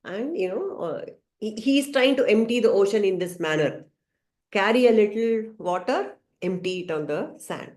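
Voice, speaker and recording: A woman teaching a scripture study class, telling a story gently with some hesitant fillers. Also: medium pitch, expressive, normal speed. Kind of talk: storytelling lesson. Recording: roomy echo.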